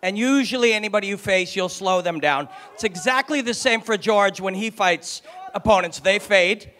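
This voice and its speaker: A man's voice: high-pitched, normal speed, sharp tone. A male interviewer asking hesitant questions at a press conference, away from the microphone. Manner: hesitant, with fillers.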